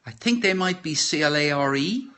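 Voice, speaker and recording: A middle-aged Irish man chatting casually on a live stream from his kitchen, rambling and halting with many fillers and restarts. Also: fairly high pitch, animated, pushed and bright. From Ireland. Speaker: podcaster. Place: home kitchen.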